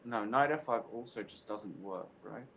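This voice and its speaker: Male chess analyst, bright and forceful, methodical, faint noise in the background. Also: on the low side, moderate pace, gravelly, rough recording. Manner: methodical, lists candidate moves. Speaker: chess expert co-host.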